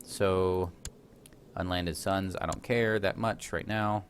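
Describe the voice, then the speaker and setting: A let's play host offers casual, chatty commentary while playing a strategy game, his low voice steady and slow. He often jokes at his own expense and laughs at himself, with slight background noise behind him.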